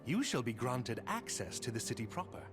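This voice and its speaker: A man's voice: mid-range voice, sing-song, fairly quick, faint music behind, close to an everyday voice. An actor playing a courtly, formal nobleman in a video game, with gracious, old-fashioned phrasing. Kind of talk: game voice acting.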